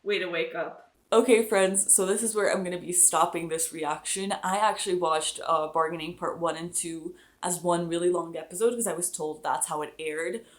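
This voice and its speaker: A woman's voice: on the low side, moderate pace. A young woman reacting to a TV episode, swearing freely, laughing and tearing up as she talks. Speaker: TV reaction host. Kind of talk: casual reaction commentary. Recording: echoey room, mic from a distance. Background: show audio playing.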